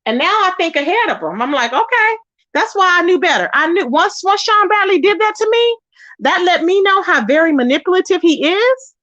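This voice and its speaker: Sassy high-voiced woman with lively pitch. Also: fairly quick, highs cut off. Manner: sassy, emphatic, addresses viewers as y'all. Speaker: YouTube commentary host. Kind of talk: casual drama commentary chat.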